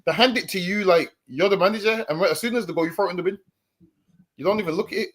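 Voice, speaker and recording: High-voiced man, stumbling casual talk. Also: fast, a bit bright. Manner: stammering restarts, conversational. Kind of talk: casual commentary.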